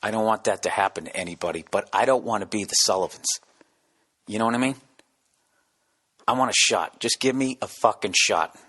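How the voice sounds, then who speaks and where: A man ranting through a comic podcast monologue in a bright, forceful voice. His talk is full of profanity and runs on loosely, and at times he drops into a hushed whisper. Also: lowish voice, fairly quick, pauses often, husky. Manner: profane rant with sudden whispered asides. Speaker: podcast host. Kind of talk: casual comedic monologue.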